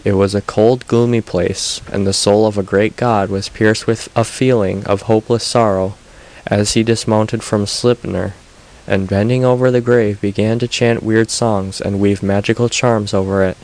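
A man reads old myths aloud in an audiobook, his voice sitting low. His telling is steady and even-paced. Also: normal speed, poor audio. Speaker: narrator.

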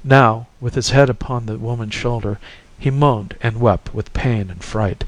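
A man reading a classic story aloud in a measured, expressive narration, his voice at a middling pitch. The recording is dry and close, with no room sound. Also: dry recording, low-quality recording.

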